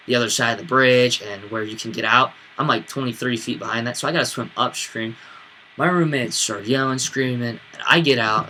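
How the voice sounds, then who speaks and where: A man's voice: mid-range voice, pushed and bright, a little hiss or hum. A young man in his twenties casually telling a rambling story for his video channel, full of fillers and restarts. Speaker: vlogger.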